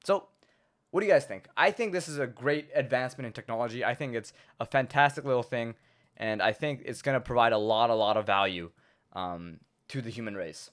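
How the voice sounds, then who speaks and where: A man's voice: medium pitch, fairly quick, fairly bright tone. A young man, a YouTuber, delivering a crude, rambling comedic monologue full of stumbling repetitions.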